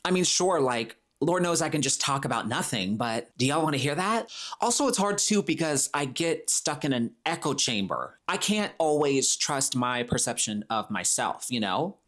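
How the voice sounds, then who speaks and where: A man's voice: a little high, lively intonation, normal speed, fairly bright tone. A man hosting his own podcast alone, talking casually and playfully, dropping into comic voices when he quotes people. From Florida. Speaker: podcast host. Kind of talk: solo podcast monologue.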